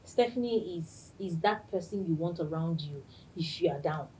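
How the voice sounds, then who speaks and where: A woman hosting a podcast, telling a personal story in an excited way and laughing often. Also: lowish voice, moderate pace, a little hiss or hum, low-quality recording. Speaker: podcast host.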